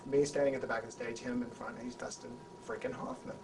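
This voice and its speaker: A man, an actor being interviewed, tells an anecdote in an animated way, restarting and repeating words as he goes. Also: medium pitch, fast talker, creaky. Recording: voice a bit far from the mic, faint background hum.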